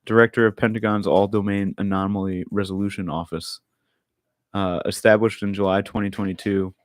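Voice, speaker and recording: A man's voice: lowish voice, level tone, fairly quick, dry recording. A man co-hosting a podcast, chatting casually and stumbling over words as he reads out a news item. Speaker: podcast co-host. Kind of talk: casual chat.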